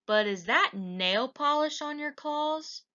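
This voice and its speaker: Polite, picky young boy read by a woman, bright tone, lo-fi recording. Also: high voice, lively intonation, takes it slowly, pitched above the performer's own voice, full character voice. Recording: dull lo-fi recording.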